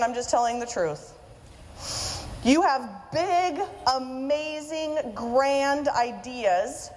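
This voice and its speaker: Animated woman speaking in a reverberant hall. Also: on the high side. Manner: animated, chatty and self-mocking. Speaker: keynote speaker and author. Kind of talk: humorous conference talk. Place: event hall with audience. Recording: reverberant hall, faint room noise.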